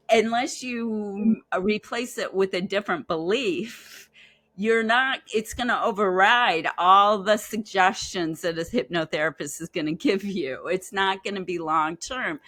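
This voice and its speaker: Woman, podcast guest, chatty storyteller, animated, mid pitch, dry close sound. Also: dry recording. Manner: chatty, animated, acts out quoted dialogue. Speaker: guest, belief-change facilitator and hypnotherapist. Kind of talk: casual interview storytelling.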